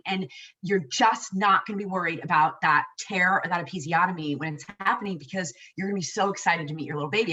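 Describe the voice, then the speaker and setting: A woman's voice: mid-range voice, a little fast, pushed and bright, distant mic, low-quality recording. A woman in her forties telling her own birth story in casual chat, emotional and rambling with many restarts.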